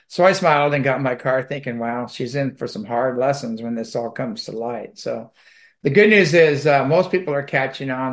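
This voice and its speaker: Rambling, sardonic man in a monologue. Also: mid-range voice. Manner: rambling, with many fillers and restarts; sardonic and mocking. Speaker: commentator. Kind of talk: casual monologue.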